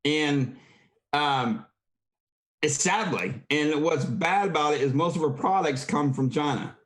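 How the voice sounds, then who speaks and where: A man's voice: a little high, a little slow, fairly bright tone. A man hosting a political talk show, rambling and agreeing with his guests. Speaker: host.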